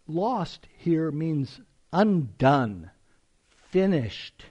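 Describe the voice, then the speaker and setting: A man's voice: on the high side, very animated, extremely slow, a little mellow, husky, dull audio. A man preaching an expository sermon as a pastor, reading scripture aloud with emphasis and explaining it to a congregation.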